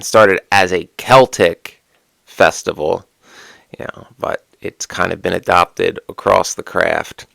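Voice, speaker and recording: A man's voice: sits low, gravelly, a bit bright, no room sound. A man talking casually to camera, musing aloud with rhetorical questions and sardonic asides. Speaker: witchcraft content creator.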